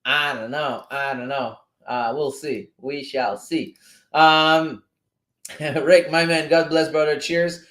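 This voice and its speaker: A man with a Québécois French accent hosts a casual livestream, talking freely and drifting off on tangents. His voice sits slightly high. The sound is roomy and echoey. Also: fairly even intonation, takes it slowly, a bit bright. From Montreal, Canada. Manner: chatty, easily sidetracked, swears casually. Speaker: livestream host.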